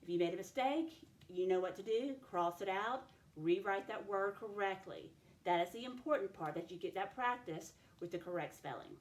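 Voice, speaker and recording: A woman teacher giving a recorded spelling dictation lesson, slowly sounding out each letter and sound. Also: mid-range voice, expressive. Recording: echoey room.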